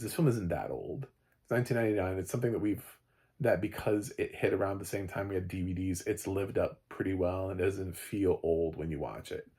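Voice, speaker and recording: Gravelly-voiced man giving a rambling review. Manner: rambling, restarts, animated rises in pitch. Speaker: film reviewer. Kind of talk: casual spoken review.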